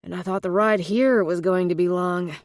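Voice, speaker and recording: A woman's voice: fairly low pitch, steady tone, moderate pace, dry recording, lightly acted. A woman reading a wry, teasing older brother.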